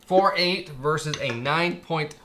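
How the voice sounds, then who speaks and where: A man co-hosting a casual chat, halting and restarting his sentences in a loose, chatty way. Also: fairly high pitch, crowd noise. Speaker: co-host.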